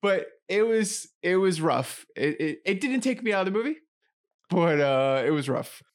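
A man co-hosting a podcast, chatting casually about a movie in a jokey, expressive way. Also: high-pitched, moderate pace. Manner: expressive, jokey, agreeable backchannels. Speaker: podcast co-host.

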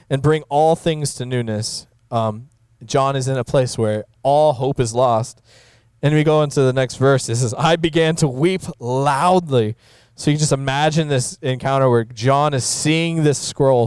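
Pastor type, male, mid-pitched, smooth clear voice, conversational Bible teacher, dry close sound. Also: a little mellow, no room sound. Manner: conversational, many fillers, rising for emphasis.

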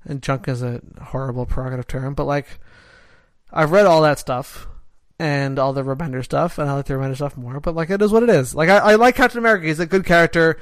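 A Canadian podcast co-host chats in a casual, rambling way, constantly saying "like," interrupting himself and restarting. His voice is fairly high and quick-paced, with no echo.

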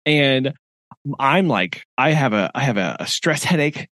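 A man's voice: mid-range voice, animated, unhurried, a bit bright, no echo, studio quality. A middle-aged man co-hosting a podcast, telling a story in casual chat and laughing often. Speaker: podcast co-host.

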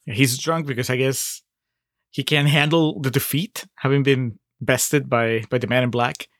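A man's voice: medium pitch, fairly even intonation, a little slow, fairly bright tone, no echo, studio quality. A man co-hosting a podcast, wryly picking apart a film and laughing often. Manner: wry, laughs often, pokes holes in the plot. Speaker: podcast co-host. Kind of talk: casual movie review chat.

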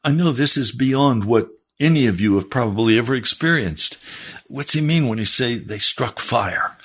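A man's voice: normal speed, a bit bright, husky. A middle-aged male pastor preaching a sermon, reading from a testimony and pleading earnestly with his listeners. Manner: earnest, pleading, rises in pitch when exhorting. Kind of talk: sermon with read-aloud testimony.

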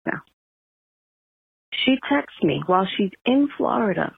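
A woman's voice: medium pitch, sing-song, measured pace, creaky, breathy edge, no room sound. A woman from New York with a strong New York accent leaving a caller voicemail, ranting angrily and cursing freely. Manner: angry profane rant. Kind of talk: venting voicemail. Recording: tinny phone voicemail.

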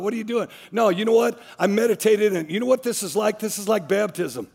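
A man's voice: high voice, quick pace, vocal fry, few pauses, darkish tone, breathy edge, big-room sound. A man preaching a sermon as a pastor, emphatic, repeating his phrases as he drives each point home.

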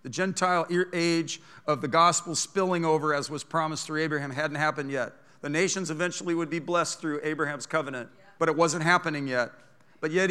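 A middle-aged man preaching a sermon as pastor, impassioned, swinging from hushed asides to loud declarations. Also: fairly high pitch.

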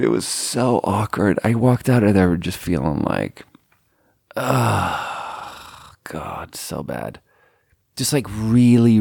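Young man, casual storytelling, low voice, dry close sound, swearing and rambling. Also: a little mellow, no echo. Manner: rambling, profane, self-deprecating. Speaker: podcast host.

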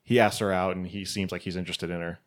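A man's voice: low voice, level tone, fast talker. A man on a casual podcast recapping a film plot, rambling with lots of fillers. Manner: rambling, filler-heavy, laughs often.

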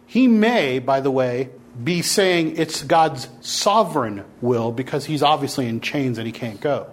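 A man teaches a Bible class in a lively, animated way, dropping his voice and then lifting it again. He keeps prodding his students to argue with him. His voice sits a bit high for a man. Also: unhurried, few pauses. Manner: animated, challenging students to push back. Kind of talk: interactive classroom lecture.

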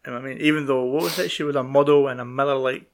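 A man's voice: mid-range voice, fairly even intonation, racing. A young man in casual film chat as podcast co-host, laid-back and sweary.

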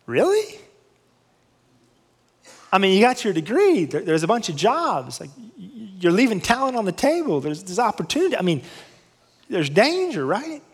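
A man's voice: sits high, wildly swooping pitch, normal speed, long pauses, breathy edge, long reverb tail, exaggerated voice. A man voicing his doubtful, practical father questioning a risky plan during a sermon. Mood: skeptical.

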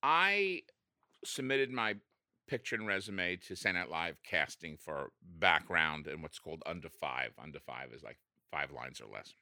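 A man, an actor, telling a story in a casual interview, jumping up in pitch as he acts out what people said. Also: moderate pace, no room sound, studio quality. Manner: animated, acts out quotes with big pitch jumps.

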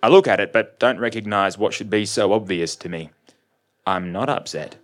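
A man narrating a first-person story in a measured, dry, observant way. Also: lowish voice. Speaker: reader.

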